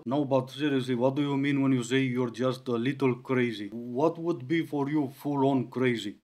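A man's voice: mid-range voice, moderate pace, few pauses, darkish tone. A man giving sarcastic, mocking reaction commentary on video clips.

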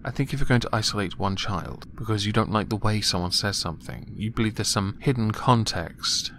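Man, lowish voice, sarcastic news commentary, faint hiss behind. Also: a little fast, fairly bright tone. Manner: sarcastic, chuckles at his own jokes. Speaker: commentary vlogger. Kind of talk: casual mocking news commentary.

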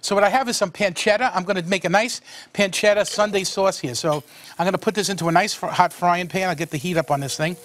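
A man's voice: high-pitched, fast talker, fairly bright tone. A man hosting a cooking show, chatting folksily while he cooks. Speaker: cooking show host, a monsignor.

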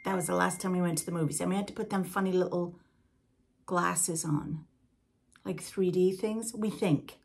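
Husky older woman chatting. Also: lowish voice, fairly even intonation, normal speed. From Britain. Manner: chatty and rambling, with asides to the listener. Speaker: podcast host. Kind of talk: casual chat.

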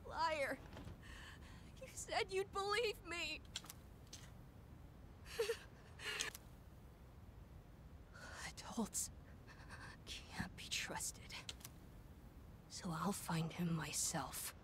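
A woman voicing a grieving, stubborn young boy in a video game, speaking softly and slowly. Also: high voice, huge pitch swings, whispered, exaggerated voice. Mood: bitter. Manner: soft, hushed, pleading then bitter.

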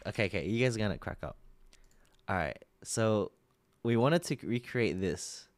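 Reacting live on his stream, an Australian man chatters away and gets excited easily, with pitch that leaps around. The recording is dry and close-up, with no sense of a room.

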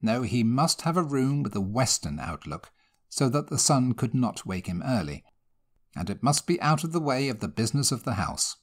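A man narrates an old ghost story in measured, expressive tones. His pitch rises and falls freely, and his voice sits in an ordinary middle register.

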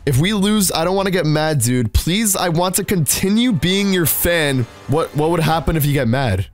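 A young man in his late teens giving anxious, excitable gameplay commentary and talking straight to his viewers. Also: fairly high pitch, moderate pace, soft background music. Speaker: gaming YouTuber.

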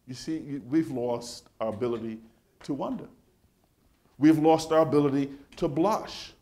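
This male pastor's voice sits on the high side as he tells stories through his sermon, lively and conversational, often breaking off to start a phrase over.

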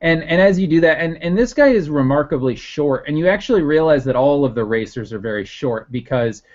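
A man's voice: on the high side, lively intonation, a little fast. A man narrating a tabletop game as game master, rambling with restarts, on a dull lo-fi recording. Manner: rambling, many fillers and restarts.

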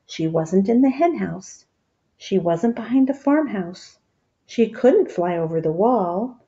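A woman reads a children's picture book aloud at a slow, unhurried pace, stopping to explain the story to young listeners. Her voice is dark and mellow, and the recording sounds dull and lo-fi. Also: mid-range voice, expressive. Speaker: storybook reader.

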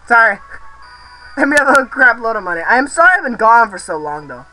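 Excitable young male gamer, bright tone. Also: very high voice, a little fast, faint music behind, rough recording. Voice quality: rambling, excitable, swears, shouts at the game. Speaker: let's play host. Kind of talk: casual gameplay commentary.

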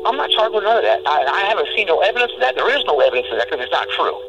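A man's voice: sits high, sing-song, very fast, muffled recording, over music. A man speaking as a criminal defendant in a heated monologue, agitated and stumbling over many restarts.

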